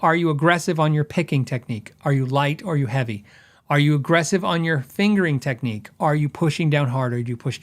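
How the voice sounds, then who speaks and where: Chatty man explaining guitar setups. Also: fairly high pitch. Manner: conversational, self-correcting, quotes customers in asides. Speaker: podcast host; guitar repair tech. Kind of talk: casual podcast talk.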